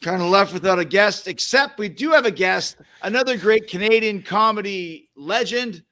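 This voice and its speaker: High, bright-voiced male podcast host. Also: moderate pace. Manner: joking, laughs easily. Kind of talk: casual chat.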